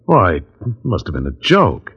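A man's voice: low voice, wildly swooping pitch, normal speed, a bit bright, husky, exaggerated voice. An actor playing an eager, worried young male artist, in 1940s radio acting. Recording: dull old radio recording.

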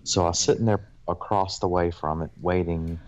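A man with a notably low voice tells a rambling, profane anecdote to his friends. He talks in an easy, unhurried way, piling up small details as he goes. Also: fairly even intonation, darkish tone. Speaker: podcast co-host. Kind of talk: casual storytelling among friends.

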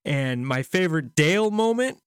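A man co-hosting a casual podcast, telling stories in an animated way and quick to laugh. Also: fairly high pitch, clear, resonant tone, dry recording, clean studio sound. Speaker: podcast co-host. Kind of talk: casual hockey podcast chat.

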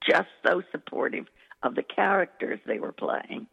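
Woman dialect coach, gravelly voice, effusive, echoey hall sound. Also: lowish voice, expressive, normal speed. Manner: effusive, enthusiastic. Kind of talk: interview storytelling. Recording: echoey, tinny phone-like recording.

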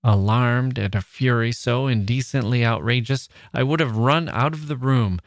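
A podcast host, a man, reading a passage from an old novel in a measured, expressive way. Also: mid-range voice, no room sound.

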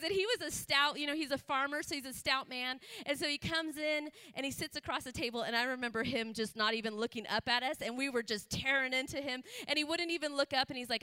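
A woman's voice: high voice, fast talker, sharp tone, clean tone. A woman missionary giving a sermon testimony, telling an emotional story with laughter and moments of choking up. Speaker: missionary speaker.

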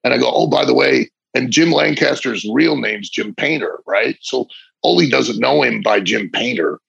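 A middle-aged former wrestler tells a long, vivid story, with frequent restarts and loose asides. His voice is thick with gravel and sounds husky. It is recorded close and dry, with a dull, lo-fi sound. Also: medium pitch, expressive, normal speed, fairly bright tone, dry recording. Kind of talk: casual storytelling interview.

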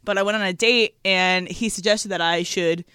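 A woman producer chatting casually on a radio sports show, talkative and quick to laugh. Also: mid-range voice, steady tone, pushed and bright, clean tone, no echo, studio quality.

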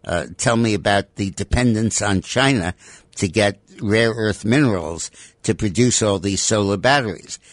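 A man with a fairly low voice delivers opinionated radio commentary. He is emphatic and stacks up repeated rhetorical demands. The sound is dry, with no room around it. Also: normal speed, no room sound. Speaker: radio talk show guest commentator.

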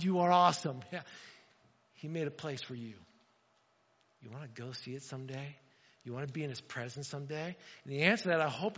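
A man's voice: high voice, sharp tone. A man preaching a sermon in a casual, conversational way, often asking the room "right?" and acting out little exchanges. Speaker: pastor. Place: church hall. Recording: dull, reverberant hall sound.

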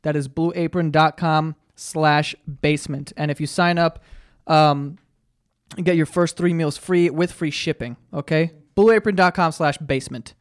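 A man's voice: on the high side, steady tone, normal speed, clean tone, no room sound, studio quality. A man hosting a podcast, telling bar stories in a loose, joking way with swearing, and reading an ad plug. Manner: loose, joking storytelling with profanity. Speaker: podcast host. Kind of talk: casual chat.

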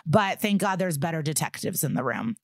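A woman's voice: deep voice, fairly quick, vocal fry, no room sound, studio quality. A woman co-hosting a podcast, recapping an episode in casual chat and acting out the characters' lines. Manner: animated retelling with acted-out quotes and swearing. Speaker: podcast co-host.

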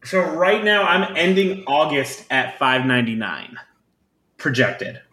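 Podcast guy, bright lively voice, jokey, roomy echo and a bit of noise behind. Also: fairly high pitch, unhurried. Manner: animated, joking, self-mocking. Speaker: podcast co-host. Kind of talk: casual chat. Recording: echoey room, faint background noise.

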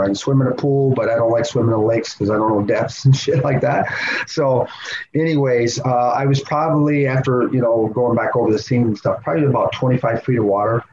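A man guest on a podcast, telling a story in a lively way and laughing often. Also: mid-range voice. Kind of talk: animated storytelling. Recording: slightly dull sound with faint noise.

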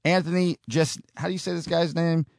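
A man's voice: a little high, steady tone, fairly quick, creaky, a little mellow, no echo, studio quality. A man hosting a podcast, ranting in opinionated solo commentary with frequent restarts. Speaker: podcast host.

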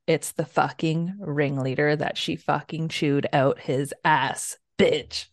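Woman, lowish voice, casual book club chat, animated, swears a lot, dry close sound. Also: slow, no echo. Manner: animated, swears freely while recapping. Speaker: podcast co-host.

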